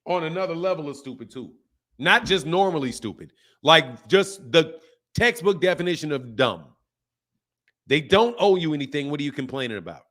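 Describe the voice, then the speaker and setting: A boxing channel host with a slightly high, fairly bright voice and lively intonation rants to viewers at a moderate pace. He's heated and profane, pounds the same points repeatedly, and reads out viewer comments.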